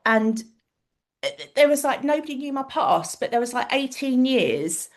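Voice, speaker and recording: A woman's voice: high-pitched, big pitch swings, unhurried. A middle-aged woman, a guest on a podcast, chatting with many fillers and hesitations. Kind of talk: casual chat.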